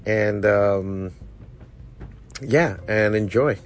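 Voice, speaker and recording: A man's voice: fairly low pitch, extremely slow. A man who hosts the podcast and co-owns the shop, chatting in a laid-back, joking way. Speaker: podcast host, shop owner. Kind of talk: casual chat.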